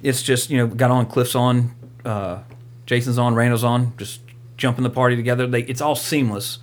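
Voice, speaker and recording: A man's voice: medium pitch, steady tone, moderate pace. A man hosting a podcast, talking animatedly about movies and games, swearing freely and acting out quotes in silly voices. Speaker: podcast host. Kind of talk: casual movie discussion.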